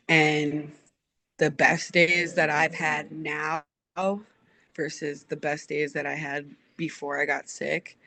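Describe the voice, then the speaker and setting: Woman coach, interview guest; bright, tense tone, earnest and reflective. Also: sits low, no echo. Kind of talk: heartfelt interview answers.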